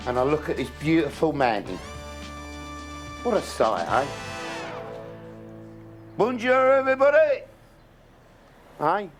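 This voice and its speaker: An older man who runs a bar, talking in a brash, showy way and swearing freely. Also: on the high side. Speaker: bar owner. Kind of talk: casual chat and banter.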